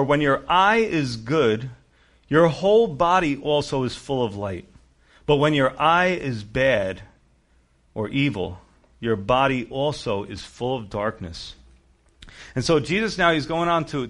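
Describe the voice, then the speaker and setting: This man's voice is mid-range and a little bright. He's a pastor giving a sermon in a conversational style and acting out quoted voices as he goes.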